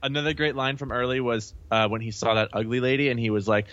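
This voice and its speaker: A man's voice: medium pitch, fairly even intonation, fast talker, fairly bright tone, muffled recording. A young man chatting casually about a film, rambling and laughing at his own jokes. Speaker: podcast co-host.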